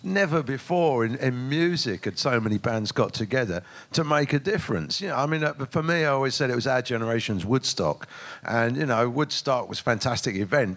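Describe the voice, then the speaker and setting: A man's voice: medium pitch, fairly bright tone. A man in his sixties, a guest musician reflecting earnestly in an interview. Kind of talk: reminiscing in an interview.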